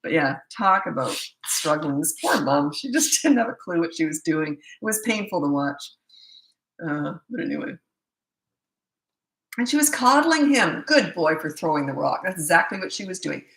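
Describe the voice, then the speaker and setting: This is a middle-aged woman in a low-pitched voice, answering parents' questions in an easy, conversational way. She tells little anecdotes and slips into quick impressions of the people in them. The sound is roomy and echoey. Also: big pitch swings, fairly bright tone. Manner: chatty storyteller who acts out quoted remarks. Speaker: parenting coach and show host. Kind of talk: casual live Q&A chat. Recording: roomy echo.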